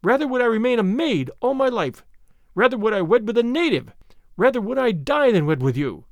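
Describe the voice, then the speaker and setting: A man's voice: sits high, big pitch swings, normal speed, dry recording. A man reading a storybook, voicing a proud, fiery young noblewoman with haughty indignation. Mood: indignant.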